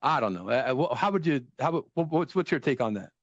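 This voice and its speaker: A man hosting a casual talk show, rambling, profane and full of animated impressions. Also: mid-range voice, fairly quick, no echo, muffled recording. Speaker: podcast host. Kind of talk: casual political chat.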